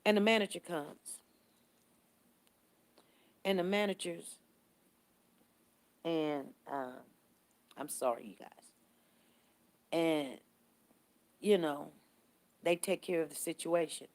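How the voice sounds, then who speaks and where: A woman's voice: deep voice, slow, pauses often. A woman vlogger in casual live-stream commentary, telling stories to her viewers and answering their comments. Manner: animated, conversational storytelling that repeats its points.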